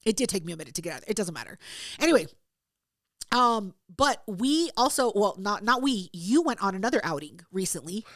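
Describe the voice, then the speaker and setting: A woman's voice: mid-range voice, sing-song, a little fast, a bit bright, no echo, studio quality. A woman co-hosting a podcast, telling stories in blunt, profane casual chat. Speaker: podcast co-host.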